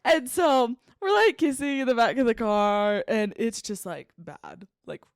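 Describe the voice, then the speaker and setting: A young woman with a high, bouncy voice that swings all over as she tells a giggly story, leaning on "like" again and again. She sounds close and dry, with no room around her. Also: unhurried, dry recording. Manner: giggly, animated, lots of "like" fillers. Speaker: podcast co-host. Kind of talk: casual storytelling chat.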